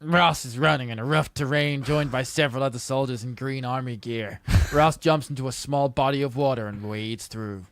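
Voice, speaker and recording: A man's voice: mid-range voice, moderate pace, hardly any pauses, a little hiss or hum. Man reading out stage narration. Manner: plain matter-of-fact narration. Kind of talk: reading a script aloud.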